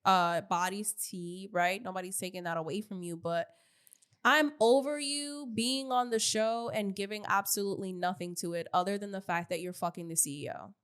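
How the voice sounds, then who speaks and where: A woman's voice: mid-range voice, steady tone, moderate pace, a bit bright, clean tone. Blunt, exasperated woman podcaster. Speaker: podcast co-host. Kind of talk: casual gossip podcast chat.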